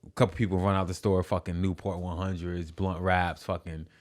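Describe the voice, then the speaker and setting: Guy with a lowish voice rambling thru a wild story, swearing a lot, restarting sentences, podcast guest. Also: brisk. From New York City. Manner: animated, profane, restarts often.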